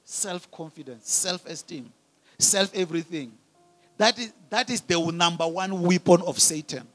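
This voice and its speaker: A man preaching a sermon as pastor, asking the congregation questions and swelling from quiet teaching to loud calls. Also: sits high, a little slow, faint music behind. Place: church hall.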